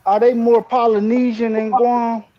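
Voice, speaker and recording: A man's voice: very high-pitched, little pitch movement, measured pace. A man co-hosting a casual talk show, explaining points steadily. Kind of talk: casual chat. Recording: muffled lo-fi audio.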